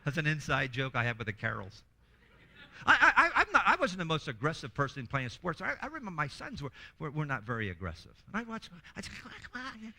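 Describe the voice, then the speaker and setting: A man presenting a workshop in a lively, humorous teaching talk who acts out quoted voices and often restarts his words. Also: a little high, quick pace, vocal fry.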